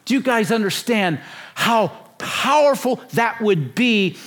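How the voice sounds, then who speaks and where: A man in his sixties preaches with an emphatic, repetitive delivery and fires rhetorical questions at the crowd. His voice sits fairly high for a man. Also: animated, slow pace, a bit bright. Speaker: conference speaker. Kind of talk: sermon.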